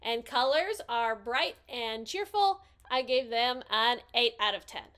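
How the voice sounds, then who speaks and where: A woman hosting a casual picture book review, cheerful and gently enthusiastic as she hands out scores. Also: a little high, lively intonation, measured pace.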